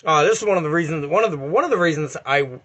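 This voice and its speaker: Talking quickly in a slightly high voice, a forties-aged eBay reseller gives blunt motivational advice in a vlog. He's animated and profane, swearing a great deal.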